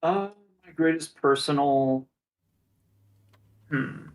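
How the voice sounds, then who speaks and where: Young man with dry, deadpan quips. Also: a little high, takes it slowly. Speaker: stream co-host. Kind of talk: casual gaming livestream chat.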